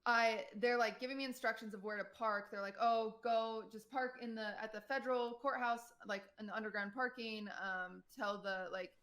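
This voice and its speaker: A young woman streamer telling a personal story to her chat in a casual, animated way, full of fillers and quoted voices. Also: on the high side, moderate pace, hardly any pauses. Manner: animated retelling, quotes people, many "like" fillers.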